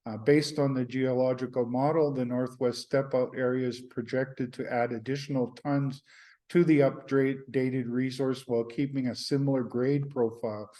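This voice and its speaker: Flat, mellow-voiced man hosting commentary. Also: medium pitch, moderate pace. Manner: hesitant, many fillers and restarts. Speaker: market commentary host. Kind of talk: solo market commentary.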